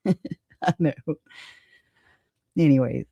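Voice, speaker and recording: A woman's voice: deep voice, very slow, gravelly, dark tone, no echo, lo-fi sound. Casual rambly woman streamer, swears n laughs a lot, dry room. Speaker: livestream host. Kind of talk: casual livestream chat.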